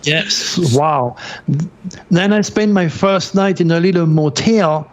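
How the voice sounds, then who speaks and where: An older man from France, a podcast guest telling his stories in an animated way and acting out the voices of people he met. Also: fairly high pitch, slow. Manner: animated, acts out quoted dialogue. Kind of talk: storytelling interview.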